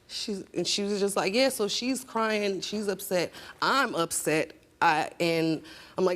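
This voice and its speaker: A woman with a somewhat low voice tells a raw family story on a talk-show stage. She speaks in a heated, emotional way and cuts in over others when she argues. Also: measured pace. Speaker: guest.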